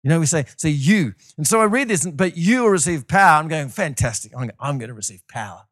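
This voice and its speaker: An animated man delivers a sermon, his pitch rising and falling a lot as he tells stories. His voice sits a little high for a man. The sound is dry and close, with no room echo. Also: fast talker. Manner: animated storytelling with acted-out voices. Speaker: preacher.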